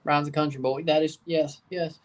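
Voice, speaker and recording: Man, livestream host, rambling casual chat, a little high, a touch distant from the mic. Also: fairly even intonation, moderate pace. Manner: rambling, repeats himself, chuckles. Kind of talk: casual live reaction chat.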